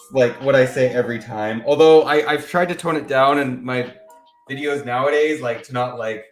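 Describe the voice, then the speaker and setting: A man's voice: mid-range voice, unhurried, long pauses. A man with a Canadian accent hosting a casual livestream, greeting chat viewers by name and laughing often. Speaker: livestream host. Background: faint background music.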